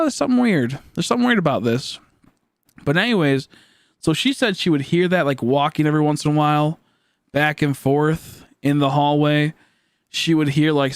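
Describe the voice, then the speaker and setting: A man's voice: a little high, no echo, clean studio sound. A man in his late twenties, a streamer telling a story in a casual, rambling way with lots of filler words. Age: late 20s. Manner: rambling, full of "like" fillers and restarts.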